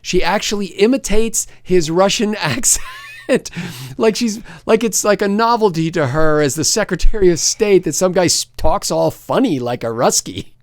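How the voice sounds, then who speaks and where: A man as a panelist on a political talk show, reasoning aloud in a measured way. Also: high-pitched, expressive, no room sound. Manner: measured, thinks aloud with fillers.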